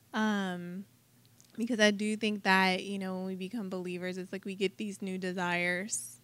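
A woman's voice: medium pitch, fairly bright tone. A woman earnestly sharing reflections in a casual group discussion. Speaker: group member commenting.

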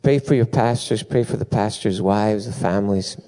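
A middle-aged man preaching a sermon, telling lively stories with asides and bursts of laughter. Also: on the low side, moderate pace. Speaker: pastor.

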